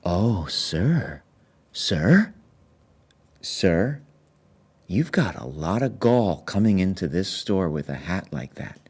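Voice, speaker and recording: A fawning hat-shop clerk , as a man puts him on, coos in a whispered role-play. The hush is low, husky and gravelly, drawn out slowly and breathily. This is a comic ASMR bit on a live stream. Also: big pitch swings, heavily acted. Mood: flirty scolding. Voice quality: hushed breathy whisper, slow and cooing.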